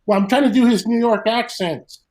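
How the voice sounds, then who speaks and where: A man's voice: very high voice, a little fast, darkish tone, rough recording. A middle-aged man, a guest comedian in a casual chat, telling rambling road stories, swearing freely and acting out quotes.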